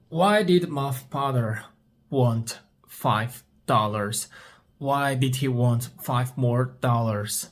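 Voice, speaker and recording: A man's voice: mid-range voice, takes it slowly. A man whose first language is Turkish, teaching English by asking story questions, repeating each one and answering it himself. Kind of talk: story-based English speaking practice.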